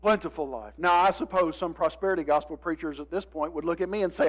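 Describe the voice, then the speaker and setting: A man preaching a sermon, moving between hushed, drawn-out lines and emphatic appeals to his congregation. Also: on the high side, breathy edge, poor audio. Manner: dramatic, swings from hushed to emphatic, addresses congregation. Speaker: pastor.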